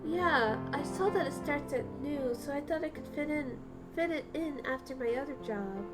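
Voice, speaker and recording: A woman voicing an easygoing young male pigeon in a casual, relaxed way over game music. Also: high voice, normal speed, natural voice.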